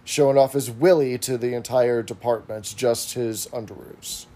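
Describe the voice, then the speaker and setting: A man on a podcast, casually recapping an episode in a steady, explanatory way. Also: medium pitch, moderate pace. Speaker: podcast co-host.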